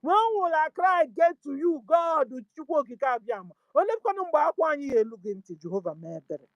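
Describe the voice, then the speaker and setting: A woman's voice: sits high, lively intonation, fast talker, no room sound, muffled recording. A woman with a Nigerian accent hosting her own channel, pleading in impassioned commentary full of rhetorical questions and lines in Igbo. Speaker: channel host.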